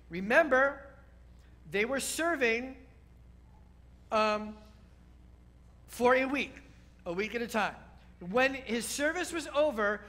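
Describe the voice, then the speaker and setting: A man's voice: very high voice, pushed and bright. A man speaking as a rabbi giving a sermon, explaining step by step and often checking in with his listeners. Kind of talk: sermon teaching.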